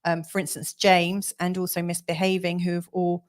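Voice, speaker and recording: Woman, fairly low pitch, casual live-stream chat, lots of fillers, video call sound. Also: flat delivery, moderate pace. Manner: chatty, with many fillers and soft laughs. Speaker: co-host of a live astrology giveaway show.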